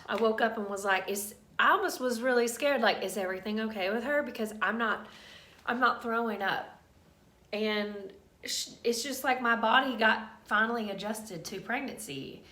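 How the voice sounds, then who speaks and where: Her voice sits in the mid range and sounds a bit bright as she tells the camera a candid, emotional personal story about her pregnancy in a casual vlog. There's a roomy echo on the audio.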